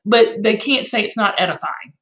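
A woman's voice: mid-range voice, normal speed, a bit bright. A woman guest on a podcast, speaking earnestly and emotionally in a folksy, heartfelt way. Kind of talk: heartfelt conversational interview. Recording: echoey room, dull lo-fi sound.

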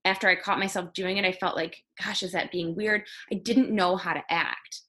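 A woman's voice: lowish voice, steady tone, moderate pace, pushed and bright. A woman hosting an interview, talking in an earnest and reflective way. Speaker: host. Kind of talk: conversational interview.

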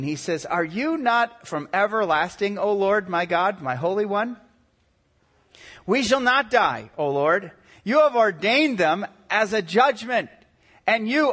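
A man in his forties, a pastor preaching a sermon, animated and acting out quotes in shifting voices. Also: sits high. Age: 40s.

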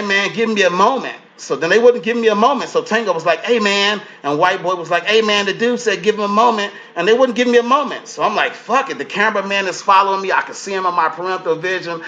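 A comedian appearing as a guest tells a story in an animated, profane way, acting out other people's lines in shifting voices. His voice is high-pitched, and the recording is muffled.

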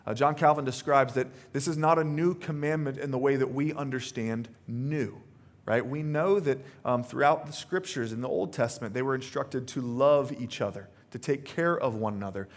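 A man's voice: mid-range voice, normal speed. Man preaching a casual, chatty sermon. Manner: conversational preaching with frequent "right?" asides, acts out quotes. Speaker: pastor.

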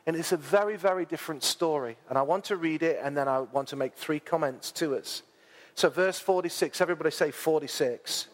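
A man preaching a sermon, chatty and informal, who rises to loud, dramatic peaks when he reads scripture aloud. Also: a little high. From England. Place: church hall. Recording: long church hall reverb.

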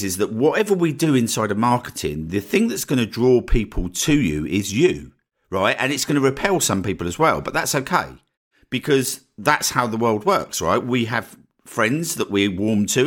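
A man's voice: medium pitch, very animated, moderate pace. A man with an Essex accent from northeast England hosting his own podcast, talking casually and often checking in with "right?" at the end of his points. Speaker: podcast host. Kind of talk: casual solo podcast talk.

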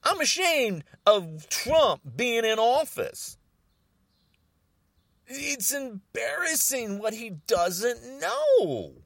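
A man's voice: very high-pitched, very animated, drawn-out words, creaky, a bit bright, no room sound, clean studio sound. An older man in an angry, agitated political rant, repeating himself and stumbling over restarts.

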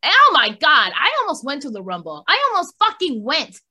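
A woman's voice: high voice, brisk. A woman co-hosting a podcast, ranting in casual chat with lots of swearing. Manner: profane, animated ranting. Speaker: podcast co-host.

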